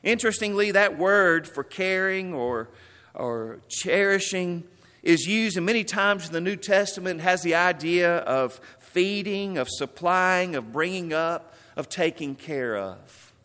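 A man preaching a sermon as pastor, telling stories and stressing words, then dropping softly. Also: sits high, expressive, a little slow, smooth, in a large hall.

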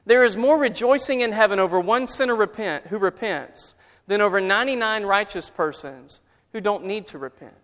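A man preaching a sermon and retelling a parable as a story. He builds his intensity and then drops to a quiet voice for tender moments. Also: high-pitched, lively intonation, moderate pace. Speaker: pastor. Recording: reverberant hall.

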